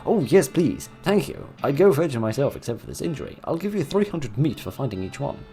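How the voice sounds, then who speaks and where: A man's voice: on the high side, big pitch swings, brisk, dark tone, soft background music, voice pushed up. A man voicing a harried old-west stable keeper in a put-on folksy accent. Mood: hustling.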